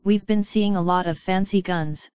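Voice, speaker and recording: A woman voicing a young man, a wizard twin with wry, deadpan banter. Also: high-pitched, moderate pace, clear, resonant tone, dry recording, lo-fi sound, close to an everyday voice.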